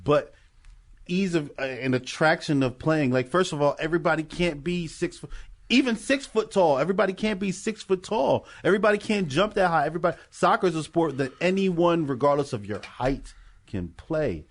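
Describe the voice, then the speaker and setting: An American man holds forth on a podcast in a lively, rising-and-falling voice that sits a little high. He rants emphatically and swears freely. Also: a little fast. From United States. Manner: emphatic, ranting, heavy swearing. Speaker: podcast co-host. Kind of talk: casual chat.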